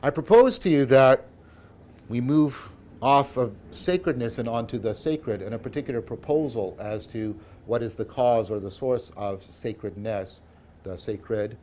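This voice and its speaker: A man thinks aloud through a philosophy lecture, frequently correcting himself and tagging his points with "right?" His volume swings between emphatic and hushed, his voice is medium-pitched and a little slow, and there's slight background noise.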